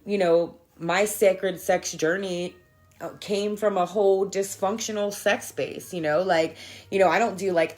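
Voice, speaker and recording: A woman's voice: medium pitch, steady tone, measured pace, a little mellow, faint music behind. A woman hosting a casual spiritual livestream, talking candidly with plenty of swearing, laughing often and answering viewers' comments. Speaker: livestream host.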